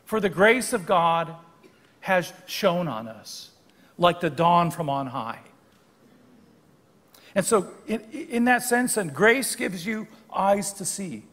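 An older guest preacher delivers a sermon in a church sanctuary, explaining the text in a conversational, teaching way and pausing to correct his own wording. His slightly high, a bit bright voice is expressive and slow, with a long reverb tail as the hall rings behind every phrase.

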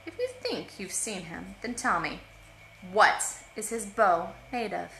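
A woman reading a storybook aloud, voicing a calm, wise young woman who questions firmly and commandingly. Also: mid-range voice, moderate pace, vocal fry, a little hiss or hum, exaggerated voice. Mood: stern. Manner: calm, then commanding and firm. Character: stern, wise young woman guarding her brother. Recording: roomy echo.

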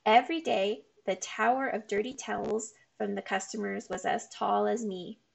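A woman reading a children's chapter book aloud in a steady storytelling manner. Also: mid-range voice, normal speed, gravelly.

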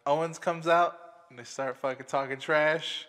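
A man's voice: a little high, fairly even intonation, moderate pace, a bit bright, big-room sound. A man co-hosting a wrestling podcast, chatting loosely, swearing often and laughing a lot. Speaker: podcast co-host. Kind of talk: casual chat.

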